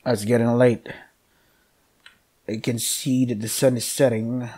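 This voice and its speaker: A man's voice: medium pitch, flat delivery, measured pace, mellow, breathy edge. Rambling, joking man playing a game. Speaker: let's play gamer. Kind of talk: casual gameplay commentary.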